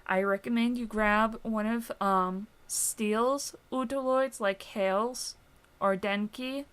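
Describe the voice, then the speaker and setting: A young woman hosting a casual software tutorial, explaining things in a rambling way with lots of fillers. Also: a little high, fairly even intonation, slow pace, clean tone. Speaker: tutorial host.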